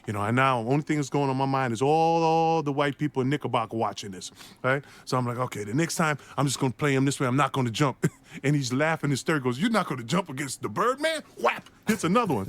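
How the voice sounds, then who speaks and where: A former basketball player telling an animated story in an interview, laughing often and acting out the voices of the people in it. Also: male voice, a little high, brisk.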